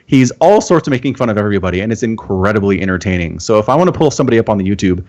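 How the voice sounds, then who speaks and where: A man from Utah, a guest on a casual live-stream chat, explaining things in a relaxed, storytelling way. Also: lowish voice, rapid-fire, dull audio. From Utah, USA. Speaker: podcast guest.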